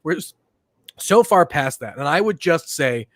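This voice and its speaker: Higher-voiced man chatting, dry sound. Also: expressive, measured pace, dry recording. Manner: rambling, many fillers and restarts. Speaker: podcast co-host. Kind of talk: casual pop-culture chat.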